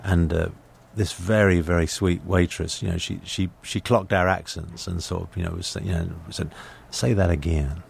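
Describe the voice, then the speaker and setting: A man's voice: low-pitched, level tone, moderate pace, creaky, hardly any pauses, breathy edge. A man from England, an actor, telling anecdotes in casual conversation with frequent stammered restarts. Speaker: actor, guest. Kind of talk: casual chat.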